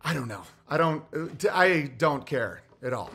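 A man, a comedian, talking casually on his livestream, ranting with lots of swearing and swinging from loud bursts to low muttering. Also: expressive, moderate pace, slightly rough. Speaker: comedian streamer.

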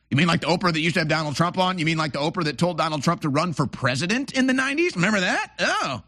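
A man's voice: a little high, sing-song, very fast, few pauses, pushed and bright. A man hosting political commentary, reacting to clips in a sarcastic, mocking way. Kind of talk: opinionated commentary over clips.

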